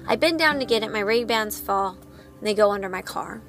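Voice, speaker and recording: A woman in her thirties hosts her own podcast as the parent of a child with medical needs, speaking candidly and laughing at herself in a personal monologue. Her medium-pitched voice is animated and a bit fast, with music in the background.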